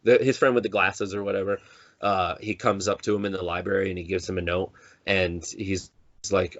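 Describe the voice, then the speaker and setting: Deep-ish guy podcast cohost, rambles, restarts a lot, dead dry muffled mic. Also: little pitch movement, normal speed, a bit bright, no room sound. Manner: rambling, many restarts, acts out quoted lines. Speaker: podcast co-host. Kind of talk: casual chat.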